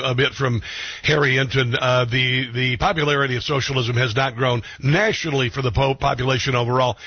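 A man hosting a talk radio show, animated and jokey, bantering with a guest. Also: mid-range voice, breathy edge, no echo. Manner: animated, jokey, self-mocking. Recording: dull lo-fi radio audio.

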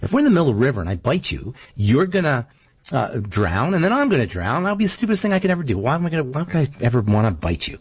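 A man's voice: medium pitch, very animated, fast, breathy edge, no echo, highs cut off. A man voicing a sly male scorpion in a spoken fable, coaxing and matter-of-fact.

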